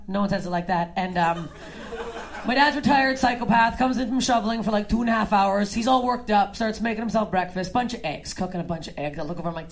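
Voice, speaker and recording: A woman from Canada performing a stand-up set on a club stage, deadpan and swinging between low mutters and loud outbursts. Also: fast. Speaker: stand-up comic.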